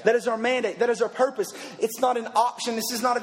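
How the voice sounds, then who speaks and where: A man preaching an emphatic youth sermon that repeats its points and builds to shouts. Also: extremely high pitch, steady tone, fast talker, hardly any pauses, echoey room, big-room sound. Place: large hall with an audience.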